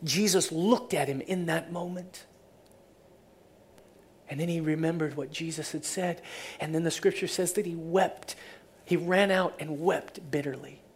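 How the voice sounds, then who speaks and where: A woman pastor preaching a sermon, retelling the story casually and swinging from loud to hushed. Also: low voice, unhurried, long pauses, a little hiss or hum.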